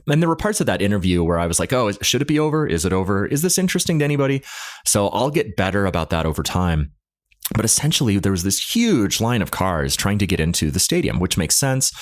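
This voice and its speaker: A man hosts a podcast, recounting a story in a chatty, self-deprecating way. His voice is on the low side but moves animatedly. It is close and dry, with soft music under it. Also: no room sound. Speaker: podcast host. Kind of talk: casual storytelling recap.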